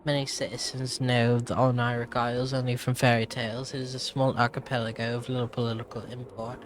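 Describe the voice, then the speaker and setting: Over game music and other background noise, a man reads in-game lines in a put-on British accent as a reluctant female travel writer, theatrical, wry and stumbling. His medium-pitched voice is flat and fairly quick, close to how he'd normally talk.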